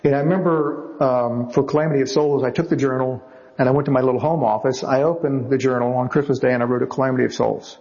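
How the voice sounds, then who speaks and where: A man, a novelist, telling animated stories in a casual interview and acting out other people's lines as he goes. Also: medium pitch, quick pace, dull audio. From United States. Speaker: novelist guest.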